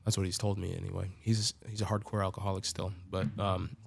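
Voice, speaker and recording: A man's voice: sits low, level tone, quick pace, gravelly, a little hiss or hum. A man telling his own story as a podcast guest in a loose, profane way, full of filler words. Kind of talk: casual storytelling.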